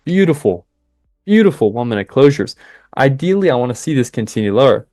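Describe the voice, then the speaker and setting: A young man hosting a live trading stream, chatting with viewers and cheering the market on in excited bursts. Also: medium pitch, a little fast, no echo, studio quality. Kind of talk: live trading commentary with chat.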